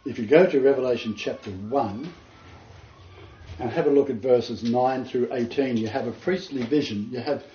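A man's voice: medium pitch, normal speed, dark tone, slight background noise. A man leading an informal Bible study, explaining scripture in an earnest, detailed way. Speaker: Bible teacher. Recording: roomy, distant, dull lo-fi sound.

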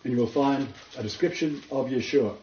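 Male Bible teacher, earnest and explanatory, mellow tone, roomy distant lo-fi recording. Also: medium pitch, brisk, slight background noise. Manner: earnest, explanatory, quotes scripture and commentators. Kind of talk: informal Bible study teaching. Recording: roomy, distant, dull lo-fi sound.

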